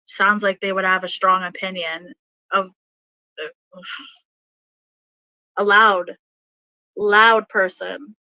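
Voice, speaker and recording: Woman, casual tarot reading, rambling with fillers, laughs often, slow delivery, bright voice. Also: mid-range voice, dry recording, muffled recording. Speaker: tarot reader.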